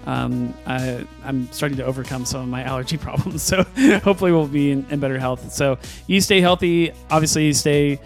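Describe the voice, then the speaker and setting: A man's voice: medium pitch, fairly quick, vocal fry, few pauses, soft background music. A man hosting a podcast in a casual, rambling way, with many fillers and restarts. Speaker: podcast host.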